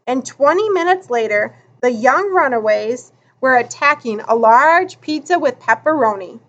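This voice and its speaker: Slow, lively woman narrator. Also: high-pitched, lo-fi sound. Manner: expressive, deliberate. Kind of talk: audiobook narration.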